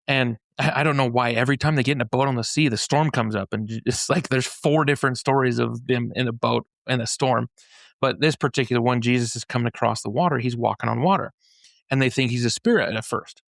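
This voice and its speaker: A man with a gravelly, fry-tinged voice talks through a scripture story in a casual podcast conversation. He retells it in loose everyday slang and often trips into restarts. The sound is close and dry, with no room around it. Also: medium pitch, steady tone, a little fast, a bit bright, no room sound. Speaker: podcast speaker explaining a faith-based framework. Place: podcast studio in Utah.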